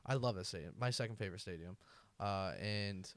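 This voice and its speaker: A man's voice: lowish voice, a little fast, smooth, no echo. A man hosting a comedy podcast, bantering in a laid-back, profane way. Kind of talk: casual podcast chat.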